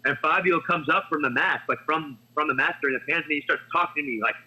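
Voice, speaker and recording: A man with a high, very bright voice rattles through stories at a quick clip. He hosts a casual podcast and keeps it loose, laughing and swearing along the way. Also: poor audio. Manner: fast animated storyteller, laughs often, swears casually. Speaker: podcast host.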